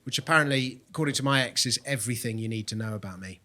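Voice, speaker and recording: A man's voice: mid-range voice, rapid-fire, heavy background noise. A man doing a stand-up comedy set on a club stage, telling wry, rambling stories into a handheld mic.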